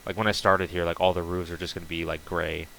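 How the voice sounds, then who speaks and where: A man's voice: deep voice, flat delivery, fast talker, vocal fry, fairly bright tone, a little hiss or hum, low-quality recording. A man casually chatting while streaming a game, rambling loosely with many fillers and restarts. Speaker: streamer building on a game server.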